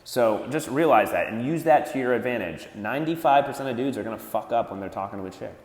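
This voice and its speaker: A man with a medium-pitched voice rants about dating at a quick pace, his intonation lively. His advice is blunt and full of swearing, and he imitates others in mocking voices. It was recorded in an echoey room with long reverb.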